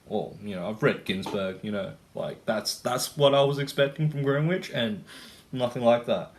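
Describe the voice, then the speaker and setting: Rambling Australian man, lowish voice. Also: steady tone, moderate pace. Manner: rambling, profane, full of fillers. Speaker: vlogger. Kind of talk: casual rant to camera.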